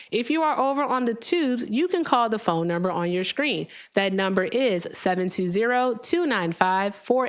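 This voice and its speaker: A woman hosting a live call-in stream, brash and teasing, laughing often. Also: a little high. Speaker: livestream host. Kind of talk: casual live call-in chat.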